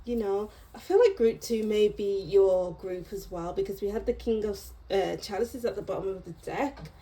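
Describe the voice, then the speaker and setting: A woman giving a tarot reading to her viewers, talking in a slow, reflective and gently encouraging way, pausing and restarting her thoughts. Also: medium pitch, low-quality recording. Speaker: tarot reader. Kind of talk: unscripted tarot reading monologue.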